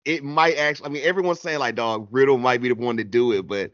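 A man in an easygoing, slang-filled wrestling recap, laughing as he goes. His voice sits at an ordinary pitch. The recording is dull and lo-fi, with a dry close sound. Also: quick pace, a bit bright, dry recording. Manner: laid-back, slangy, laughs often. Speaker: podcast host. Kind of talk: casual wrestling recap chat.

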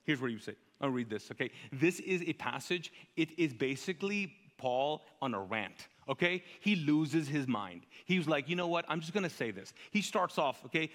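A man preaching a sermon as pastor, animated and joking, growing louder and higher as he tells a story. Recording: reverberant hall.

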